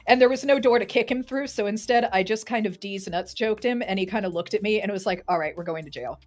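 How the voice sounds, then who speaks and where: A woman's voice: medium pitch, fairly even intonation, fast talker, faint music behind. A woman player narrating her character's actions in a tabletop game, chatty and full of fillers. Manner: chatty storytelling with frequent "like" and laughs.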